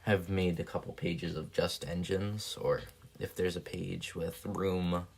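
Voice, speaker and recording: A man casually thinking aloud while building paper planes on a live stream, soft-spoken and rambling. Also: sits low, flat delivery, unhurried, vocal fry, slightly rough.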